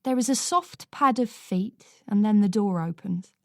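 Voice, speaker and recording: A woman reading a first-person thriller audiobook in a measured, dry storytelling manner. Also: medium pitch, darkish tone, dry recording. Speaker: audiobook narrator.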